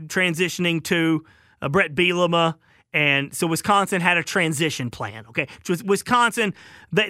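Bright-voiced Southern radio host. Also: male voice, on the high side, no room sound, clean studio sound. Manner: rambling, chuckling anecdotes. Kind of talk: call-in radio storytelling.

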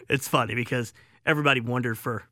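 A man's voice: medium pitch, pushed and bright, dry recording, clean studio sound. A man with a Southern accent hosting a call-in sports radio show, telling rambling anecdotes with chuckles.

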